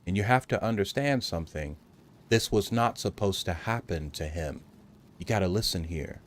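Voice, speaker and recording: A man hosting a provocative monologue, talking slowly and graphically, mocking in a raised voice at times and addressing listeners as gentlemen. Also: low-pitched, animated, a little hiss or hum. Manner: slow, graphic, mocking, acts out taunts in a raised voice. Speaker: podcast host.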